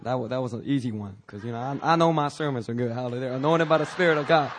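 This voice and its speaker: A man's voice: mid-range voice, very fast, hardly any pauses, slight background noise. A man preaching a sermon in a loose, conversational way, joking with asides, restarting phrases and coughing now and then. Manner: jokey and informal, frequent restarts and asides. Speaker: pastor.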